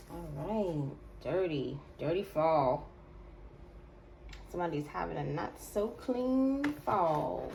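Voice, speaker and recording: A woman's voice: on the low side, vocal fry, background noise. A woman giving a casual, slangy tarot reading to her viewers, repeating phrases and drawing words out. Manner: slangy, drawn-out repetitions. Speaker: tarot reader.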